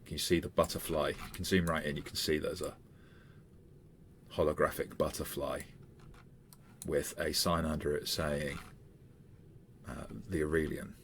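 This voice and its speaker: A man running a tabletop game as game master, narrating in a halting way with frequent fillers. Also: very deep voice, little pitch movement, a bit bright, a little hiss or hum. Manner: halting, with many fillers and restarts.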